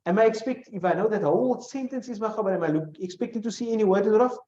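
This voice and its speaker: A man teaches grammar in a classroom, walking his students through each point and putting questions to them. His voice sits a little high and sounds warm and mellow. The recording is dull and lo-fi, with a roomy echo. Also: a little hiss or hum. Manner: explains step by step, quizzing students with questions; recites short Arabic phrases quickly. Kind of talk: classroom lesson. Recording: echoey room, dull lo-fi sound.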